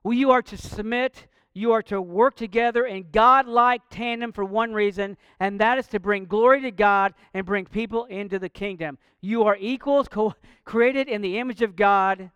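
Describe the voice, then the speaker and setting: A man's voice: high-pitched, moderate pace, fairly bright tone, clean tone, dry recording, dull audio. A man preaching a sermon, earnest and direct, mixing light jokes with a call to faith. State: out of breath. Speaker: pastor.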